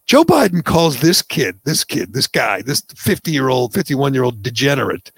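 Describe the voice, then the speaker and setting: A man's voice: mid-range voice, big pitch swings, moderate pace, gravelly, slightly rough, dry recording. A man hosting a political talk show, delivering mocking, scornful commentary.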